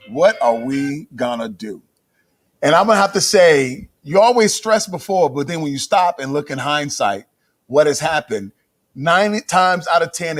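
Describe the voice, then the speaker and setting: A man emceeing a live charity gala, announcing winners in a playful, sing-song, joking way. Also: a little high. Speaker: emcee and comedian.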